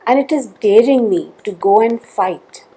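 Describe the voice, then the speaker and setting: Tapping guide, female, unhurried delivery, husky tone, measured calls between statements. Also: on the high side, expressive, warm tone, poor audio.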